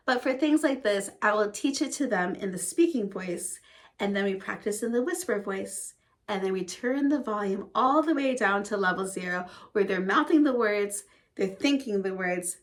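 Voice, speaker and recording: A woman's voice: fairly high pitch, a bit bright. Upbeat woman music teacher explaining. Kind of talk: educational talk to fellow teachers.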